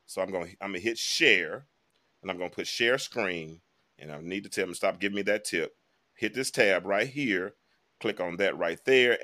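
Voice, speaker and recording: A man's voice: fairly low pitch, pushed and bright. A man hosting a live online talk show, giving casual, emphatic commentary and speaking straight to his viewers. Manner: chatty, emphatic, addresses viewers directly.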